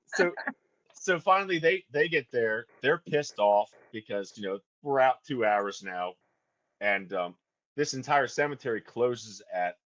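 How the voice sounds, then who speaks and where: Swearing male guest, dull lo-fi sound. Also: medium pitch. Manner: profane, laughing, animated storyteller. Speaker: band vocalist and guest. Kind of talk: casual storytelling chat.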